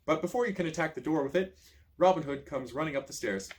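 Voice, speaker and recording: A man reading a choose-your-own-adventure book aloud, with lively storytelling and casual asides. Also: fairly high pitch, fast. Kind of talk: expressive read-aloud narration.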